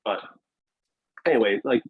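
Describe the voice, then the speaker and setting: Speaking unhurriedly in a fairly low voice, a man appears as a podcast guest on a video call; he founded a weightlifting media outlet. The interview is casual, and he wanders and hesitates, restarting sentences again and again. Sound is dry and tinny, like a phone line.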